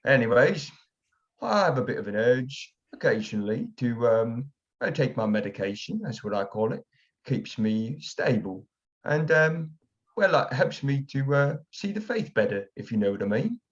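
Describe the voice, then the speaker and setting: A man's voice: medium pitch, sing-song, unhurried. A man voicing an odd, twitchy male friar who speaks in a mock-formal, old-fashioned way, heard through a dull lo-fi recording. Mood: rambling genial. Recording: dull lo-fi sound.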